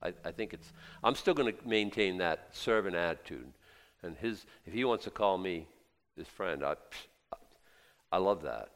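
A man's voice: low voice, lively intonation, normal speed, fairly bright tone. A man preaching a sermon in a conversational way, quizzing his listeners and repeating himself. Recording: long hall reverb.

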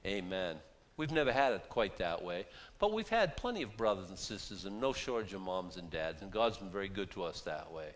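A man preaching a chatty, self-deprecating sermon, swinging from hushed asides to loud bursts. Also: low-pitched, very animated, fairly quick, big-room sound, a little hiss or hum. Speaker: pastor. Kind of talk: casual sermon.

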